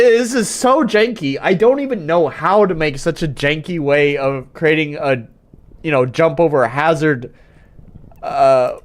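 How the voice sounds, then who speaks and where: Exasperated, swearing male game streamer. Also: high voice. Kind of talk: casual gaming commentary.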